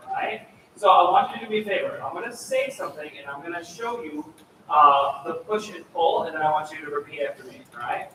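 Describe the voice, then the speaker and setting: A man's voice: a little high, brisk, bright, forceful tone, a little hiss or hum. A man coaching a student choir through a rehearsal. He is encouraging and demonstrative, and he sings phrases to show how they should go. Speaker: choir clinician. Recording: echoey hall, mic far off.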